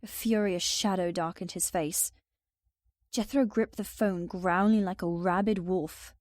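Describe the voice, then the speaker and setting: A woman narrates a first-person audiobook in an even, subdued way. Her voice is mellow and warm, recorded close and dry. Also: fairly low pitch, unhurried, no room sound.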